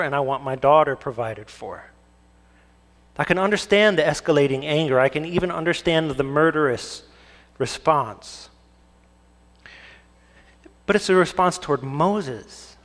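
A young man preaching a sermon from the pulpit. His voice sits a little higher than most men's. He keeps turning questions back on the congregation, and a long reverb trails every phrase through the sanctuary. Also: expressive, measured pace, long pauses, fairly bright tone. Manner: asks the congregation rhetorical questions. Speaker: pastor.

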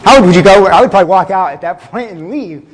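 Chatty preacher with a higher voice. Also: male voice, in a large hall. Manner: conversational, with fillers, laughs and slowed emphasis. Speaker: pastor. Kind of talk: sermon.

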